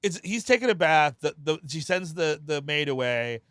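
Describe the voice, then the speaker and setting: A man's voice: on the high side, lively intonation, moderate pace, a bit bright, clear, resonant tone, dry recording, clean studio sound. A man co-hosting a comedy movie podcast, firing off incredulous questions and laughing often. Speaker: podcast co-host. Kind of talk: casual comedic movie chat.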